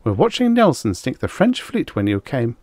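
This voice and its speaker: A man's voice: medium pitch, huge pitch swings, moderate pace, a little mellow, no room sound, pitched above the performer's own voice. A man voicing an indignant, defensive middle-aged housewife who snaps back sharply. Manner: indignant, snappish.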